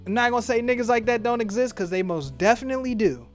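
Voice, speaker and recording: A man hosting a casual commentary video, talking in an animated way and acting out quotes in voices. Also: very high voice, quick pace, soft background music. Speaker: commentary host.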